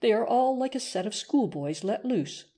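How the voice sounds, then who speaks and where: A woman's voice: on the high side, animated, moderate pace, warm tone. A woman reading aloud, voicing a serious, earnest noblewoman who sighs over her audience. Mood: weary. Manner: earnest, sighing.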